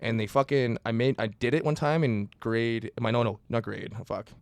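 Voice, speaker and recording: A man's voice: mid-range voice, moderate pace, vocal fry, no room sound. A young man from Saskatchewan cohosting a podcast, bantering casually and swearing a lot. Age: young adult. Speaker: podcast co-host. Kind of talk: casual chat.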